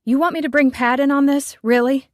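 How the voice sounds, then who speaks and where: Stubborn, loud woman chef, a little higher than the reader's own voice, as the female narrator puts her on; dry, close sound. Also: fairly even intonation, fairly quick, no echo, natural voice. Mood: combative. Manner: loud, insistent, sharp retorts. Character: fierce petite woman chef, bossy and stubborn.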